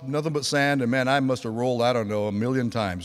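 A man's voice: medium pitch, a little fast. A man in his sixties, preaching a sermon: he rambles through a personal story, then builds to fervent preaching. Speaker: pastor. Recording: long hall reverb.

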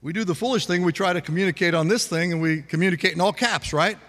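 Man, pastor, conversational sermon, questions to the congregation, slightly higher voice, long hall reverb. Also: fast, a bit bright. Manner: conversational preaching with audience questions.

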